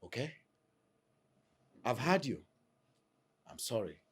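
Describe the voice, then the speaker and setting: An actor playing a husband, defensive and pleading for respect. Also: male voice, medium pitch, big pitch swings, slow, breathy edge, heavily acted. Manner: pleading, pompous.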